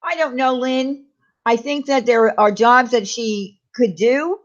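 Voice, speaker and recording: A high-pitched woman vents her anger on her own channel, throwing out sarcastic questions and repeating names with indignation. The sound is muffled and lo-fi. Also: slow pace. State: angry. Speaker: YouTube commentary host. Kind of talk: angry ranting commentary.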